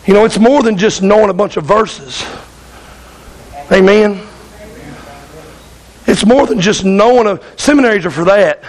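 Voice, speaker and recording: A man's voice: high-pitched, unhurried, pauses often, low-quality recording. A man preaching a sermon as pastor, talking emphatically and often asking his congregation "Amen?".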